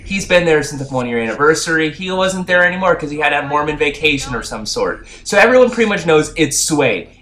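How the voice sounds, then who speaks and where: A sarcastic young man narrates a comedic movie review, cursing freely and yelling the same gag over and over. His pitch swings up and down a lot, and the recording has a roomy echo. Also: lively intonation, brisk, few pauses. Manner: sarcastic, swears, breaks into repeated yelled gags. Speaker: video reviewer.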